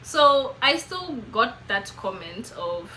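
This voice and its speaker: A young Kenyan woman with a Kenyan English accent, telling a chatty, animated, self-mocking story to camera. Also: a little high, slow, slight background noise, rough recording. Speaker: vlogger.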